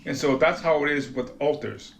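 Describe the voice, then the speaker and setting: Gravelly, profane man rambling candidly. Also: on the high side, normal speed, slight background noise. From Rhode Island, USA. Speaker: vlogger. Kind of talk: casual confessional monologue.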